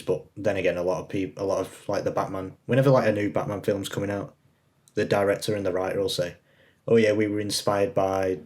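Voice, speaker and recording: A young man co-hosting a casual podcast over a remote recording, chatting like a film buff and pausing often on "uh". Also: low voice. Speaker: podcast co-host. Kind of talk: casual chat. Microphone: remote call recording.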